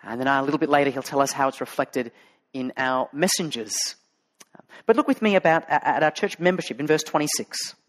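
Here the Australian-accented pastor from Sydney talks a little fast in a mid-range, fairly bright voice. He tells stories through his sermon in a conversational way, often using fillers and restarting sentences.

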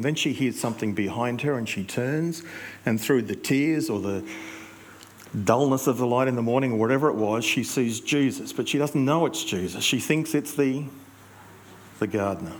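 A male pastor, preaching in a conversational storytelling way with reflective pauses. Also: medium pitch, a little hiss or hum. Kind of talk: sermon.

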